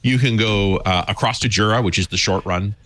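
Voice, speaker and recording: A man's voice: lowish voice, fairly quick, a bit bright. A man as a regular co-host in casual podcast chat, explaining things at length and wandering off into tangents.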